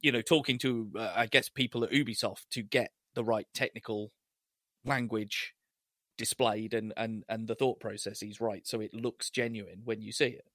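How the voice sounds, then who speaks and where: A man's voice: fairly even intonation, moderate pace, fairly bright tone, dry recording, studio quality. A man in casual chat, enthusiastically recapping a TV episode and quoting scenes. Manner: enthusiastic, quotes scenes in high put-on voices.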